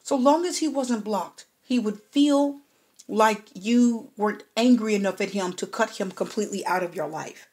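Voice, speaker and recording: A woman's voice: medium pitch, normal speed, a little mellow, slightly rough. A woman giving a personal tarot reading, talking straight to the client, repeating her points and checking in with "okay?". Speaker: tarot reader.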